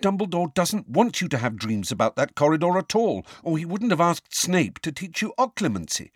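A man reading an audiobook, voicing a clever, bossy teenage schoolgirl with a sharp, insistent manner. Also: a little high, sing-song, moderate pace, husky, no echo, clean studio sound, voice pushed up.

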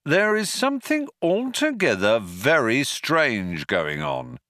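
Man voicing a knowing, emphatic man, lively pitch, bright tone. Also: slow, dry recording, clean studio sound, heavily acted. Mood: wry.

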